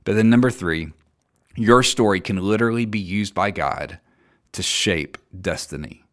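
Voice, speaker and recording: A man preaching a sermon, earnest and emphatic, reading scripture aloud and dropping low and soft to land his key points. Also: normal speed. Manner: reads scripture aloud and acts out quoted voices.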